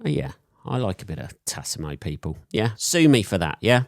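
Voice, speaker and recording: A man's voice: on the low side, big pitch swings, a little fast, vocal fry, no echo, clean studio sound. A man with a sore throat from a cold, hosting a solo podcast and rambling in crude, profane jokes. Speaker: podcast host.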